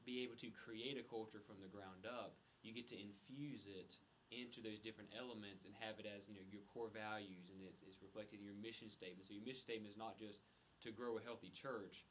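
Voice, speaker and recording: Low-voiced man leading a class discussion. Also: fairly even intonation, fast, few pauses, fairly bright tone, slight background noise. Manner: conversational, hesitant with fillers and restarts. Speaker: course instructor.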